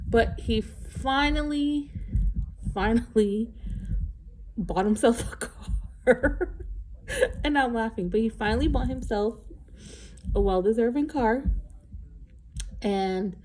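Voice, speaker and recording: A woman's voice: medium pitch, a little mellow. A middle-aged woman recording a casual, rambling vlog, candid and a little emotional, with sighs and laughs along the way. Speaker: vlogger. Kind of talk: casual chat.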